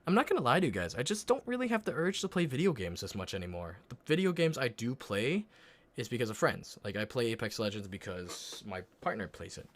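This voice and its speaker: A man streaming live and chatting casually with his viewers while he paints a miniature, swearing often and muttering quietly as he concentrates. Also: mid-range voice, a little fast. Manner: relaxed, swears often, talks to chat while working.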